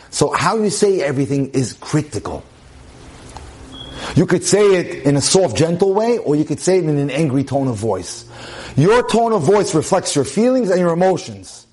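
Male rabbi, fairly high-pitched, giving a Torah class on relationships in an emphatic style. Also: a little mellow. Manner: emphatic, repeats phrases for stress, drops in Hebrew terms. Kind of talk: relationship lecture.

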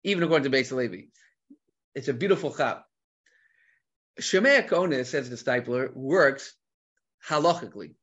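A man giving an animated Talmud lecture, mixing Hebrew terms into English and asking rhetorical questions. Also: medium pitch, normal speed, long pauses, muffled recording. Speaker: Torah teacher.

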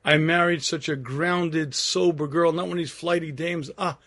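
Man voicing a young husband, dry sarcastic mutter, quiet. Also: fairly high pitch, steady tone, normal speed, no room sound. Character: young studious husband, smug then exasperated.

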